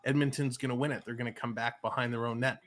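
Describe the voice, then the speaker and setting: Man, amateur hockey play-by-play streamer, bright tone, excited, chatty. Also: mid-range voice, fast. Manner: excited, chatty, laughs at mishaps. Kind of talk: amateur live play-by-play commentary. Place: home room with a TV behind him.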